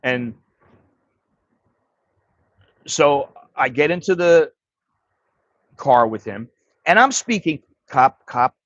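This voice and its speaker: A man's voice: a little high, very animated, slow, fairly bright tone, no room sound, highs cut off. A man hosting a livestream, telling a story in a blunt, profane, casual way. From United States. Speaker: livestream host.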